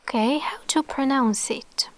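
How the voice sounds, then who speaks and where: Slow, patient woman teaching letters. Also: high-pitched, no room sound. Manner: patient, explains slowly with many checks of okay; often drops into a soft whisper to model sounds. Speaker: Arabic teacher. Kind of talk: online language lesson.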